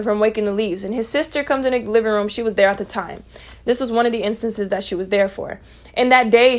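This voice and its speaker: A young woman telling a storytime vlog in a rambling, profane, conversational way, full of dismissive asides. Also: a little high. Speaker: vlogger.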